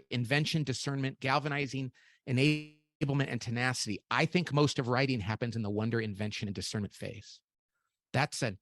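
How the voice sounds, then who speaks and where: A middle-aged man, a guest author on a podcast interview, explaining ideas in a lively way, acting out quoted voices and often restarting sentences. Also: medium pitch, no echo. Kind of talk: animated interview talk.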